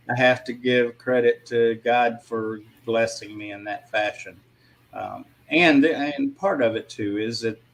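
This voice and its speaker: Guy talking slow and thoughtful on a panel show, lots of pauses, mid pitch. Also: fairly bright tone, low-quality recording. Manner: slow, reflective, with frequent pauses. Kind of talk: casual panel discussion.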